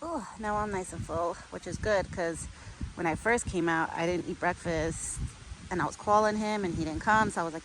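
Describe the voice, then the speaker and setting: A woman chatting casually to camera outdoors while feeding a pet deer, cooing to it in soft baby talk. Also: on the low side, moderate pace. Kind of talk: casual outdoor vlog chat. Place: outdoors in a windy yard. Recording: faint wind and outdoor noise.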